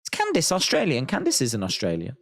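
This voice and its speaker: Lively-voiced man hosting a chatty reaction stream. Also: medium pitch, fast talker, gravelly. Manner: rambling, thinking aloud, reads chat comments. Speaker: wrestling watch-along host. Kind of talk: live-stream reaction chat.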